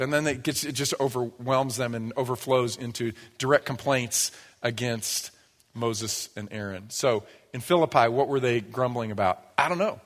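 Conversational male pastor in a reverberant church. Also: normal speed. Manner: conversational and humorous, mimics grumbling in a low mutter. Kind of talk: sermon. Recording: long reverb of a church hall.

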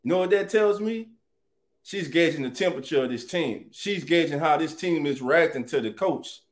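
A man hosting a casual live sports chat, animated and greeting viewers by name. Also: on the high side, moderate pace. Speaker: sports talk show host.

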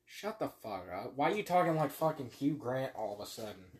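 A man's voice: mid-range voice, very animated, brisk. A young man co-hosting a podcast, casual banter full of crude teasing and swearing. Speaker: podcast co-host.

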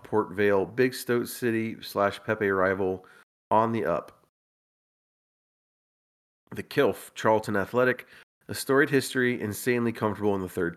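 A man with a somewhat low speaking voice hosts a casual podcast. He reads through a list at an easy pace, with wry, deadpan remarks and the odd chuckle. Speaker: podcast host. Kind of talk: casual podcast chat, reading out a listener's list.

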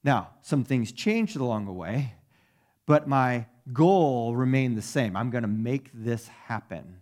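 A man's voice: mid-range voice, expressive, slow, a little mellow. A middle-aged pastor telling a self-deprecating personal story in a sermon to his congregation, conversational and often asking them "right?".

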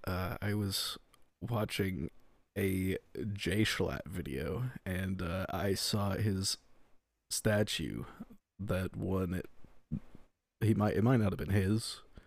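A man's voice: low-pitched, slow pace, gravelly, dry recording. A young man co-hosting a casual comedy podcast, laid-back and playing along with jokes. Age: young adult. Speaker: podcast co-host.

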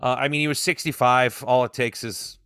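A man's voice: mid-range voice, fairly even intonation, fairly quick, fairly bright tone, clear, resonant tone, no room sound, studio quality. A man hosting a casual show, talking loosely with lots of fillers. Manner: loose, filler-heavy, offhand. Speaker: podcast host. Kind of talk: casual chat.

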